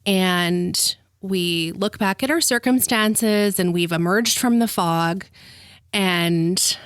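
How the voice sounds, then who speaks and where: Warm-hearted woman host, effusive and teary, dry close mic. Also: fairly low pitch, slow, clean tone, dry recording. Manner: gushing, emotional, laughs often. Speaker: podcast host. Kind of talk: heartfelt interview.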